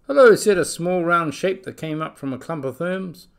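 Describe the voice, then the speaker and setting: Gravelly man reading a children's story. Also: fairly high pitch, moderate pace. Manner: expressive, dropping to whispers for scary parts. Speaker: story reader.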